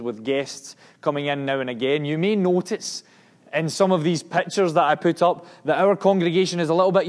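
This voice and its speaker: A man's voice: a little high, darkish tone. A man with a Scottish accent giving a sermon and mission report to a congregation, earnest and emphatic, often restarting his words. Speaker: missionary preacher.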